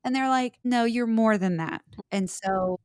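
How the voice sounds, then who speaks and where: A woman's voice: on the high side, unhurried, clean tone, no room sound, clean studio sound. Chatty, giggly woman podcast host. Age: adult with children. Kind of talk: casual chat.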